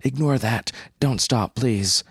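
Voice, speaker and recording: A man voicing a shy, nervous young woman in a story, speaking haltingly. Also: medium pitch, a bit bright, breathy edge, dry recording, clean studio sound, voice pushed up, full character voice. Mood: pleading. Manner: hesitant, halting.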